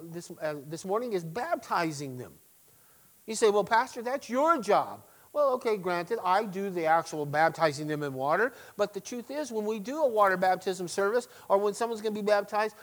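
A middle-aged man, a pastor, preaching a sermon, swinging between loud emphatic stresses and quiet asides. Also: high-pitched, poor audio.

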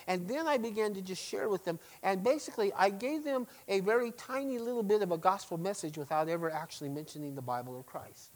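Middle-aged male pastor mid-sermon, emphatic, punches key words, drops to quiet asides. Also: high voice, fast, hardly any pauses, poor audio. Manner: emphatic preaching, swings between loud stresses and quiet asides.

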